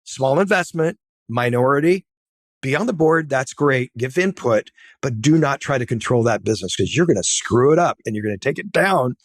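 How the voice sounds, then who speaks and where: A man's voice: mid-range voice, lively intonation, normal speed, no room sound. Emphatic man giving blunt advice. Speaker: podcast guest, tech entrepreneur. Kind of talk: casual interview talk.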